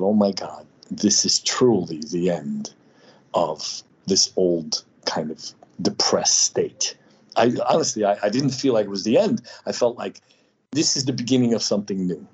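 Low husky man telling his story. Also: mellow. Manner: halting, with many fillers and restarts. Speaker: healer guest. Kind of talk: personal storytelling in conversation. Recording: slightly dull lo-fi audio.

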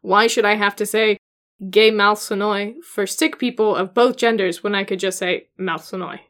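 A young woman co-hosting a casual podcast chat, talking with wry, deadpan asides. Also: medium pitch, normal speed. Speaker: podcast co-host.

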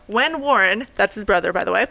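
A woman co-hosting a podcast in casual chat, playful and quick to laugh, recorded in a bookstore. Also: medium pitch, animated, creaky, pushed and bright. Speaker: podcast co-host. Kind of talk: casual chat, reading a quote. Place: bookstore with shoppers around.

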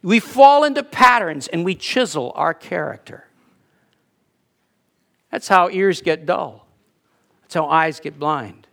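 High-voiced man preaching conversationally. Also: animated, gravelly, fairly bright tone. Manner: conversational preaching, rhetorical questions, emphatic pauses. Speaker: pastor. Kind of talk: sermon.

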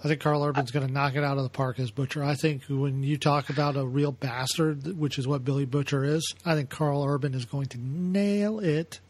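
A man co-hosting a casual comics podcast, given to crude deadpan jokes. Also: mid-range voice, normal speed, hardly any pauses. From United States. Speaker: podcast co-host. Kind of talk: casual chat about comics.

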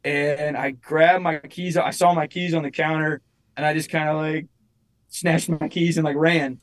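A man's voice: fairly high pitch, little pitch movement, normal speed, rough recording. A young man, a musician guest, telling a personal story in casual chat, rambling with lots of restarts and fillers.

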